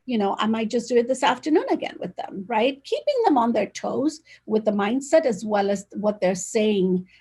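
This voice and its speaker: A woman's voice: on the high side, animated, normal speed, hardly any pauses, warm tone, slightly rough. A woman speaking energetically and directly as an interview guest, talking over a video call. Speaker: real estate agent, guest. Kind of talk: casual conversational interview.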